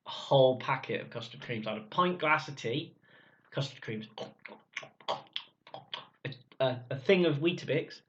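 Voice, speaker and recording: A gruff man telling his own story bluntly, swearing freely in casual speech. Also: medium pitch, animated, normal speed, pauses often. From Cornwall, England. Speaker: vlogger. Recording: dull lo-fi sound.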